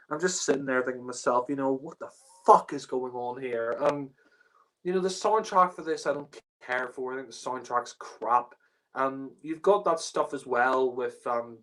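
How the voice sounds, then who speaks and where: A man's voice: mid-range voice, poor audio. A man co-hosting a casual review podcast. He talks bluntly and with exasperation, swears, and fills his speech with "you know" and "like.". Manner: blunt, exasperated, swears, heavy filler words. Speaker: podcast co-host reviewing episodes.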